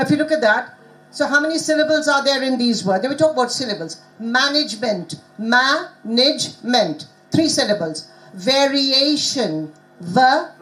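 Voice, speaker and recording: A woman giving an interactive pronunciation lesson at a conference, coaxing the audience with quick prompts. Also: high-pitched, fairly bright tone, low-quality recording. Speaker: conference speaker teaching pronunciation. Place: conference hall.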